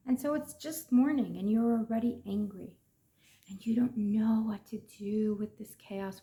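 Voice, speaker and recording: A woman, an emotions coach, talking people through their feelings in a gentle, reflective way, asking rhetorical questions and at times sinking to a whisper. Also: mid-range voice, vocal fry.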